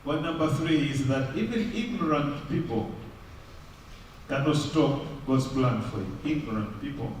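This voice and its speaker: Male pastor, sermon, slow delivery, loud and quiet swings, very echoey church hall. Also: distant mic, slight background noise. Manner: swings between loud raised delivery and low quiet stretches.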